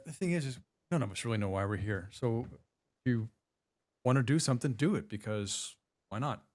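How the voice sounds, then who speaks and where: A man hosting a relaxed podcast chat. He laughs easily and jumps in with quick, disbelieving follow-up questions. His voice sits in a middle pitch. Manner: laughs easily, asks short incredulous follow-ups. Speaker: podcast host. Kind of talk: casual chat.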